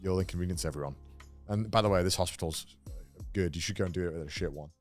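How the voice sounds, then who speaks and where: This is a cheeky young vampire girl who talks in a blunt, offhand way with dark humor, voiced by a man retelling a story. The voice stays low and near his own speaking voice. Faint music plays underneath. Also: fast talker, close to an everyday voice.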